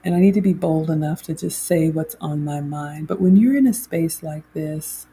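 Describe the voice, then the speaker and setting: A woman's voice: sits low, normal speed, dark tone, slightly rough. A middle-aged woman hosts a chatty livestream and reads viewer comments aloud. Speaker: host. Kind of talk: casual livestream chat.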